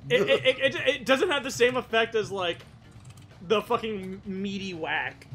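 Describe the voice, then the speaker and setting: A man's voice: high voice, a little slow, bright, forceful tone, faint music behind. A man joining a stream over a voice call, swearing casually and laughing between jokes. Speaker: stream guest. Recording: noisy voice-call mic with clicks.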